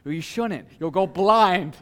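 Preaching in a voice that sits high, the male pastor punctuates his sermon with dramatic pauses and swings from quiet, hushed passages to forceful ones.

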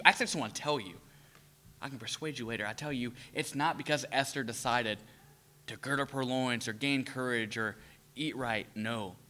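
Animated preacher with a bright voice. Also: male voice, mid-range voice. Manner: animated, acts out quoted voices, asks the audience questions. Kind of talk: sermon.

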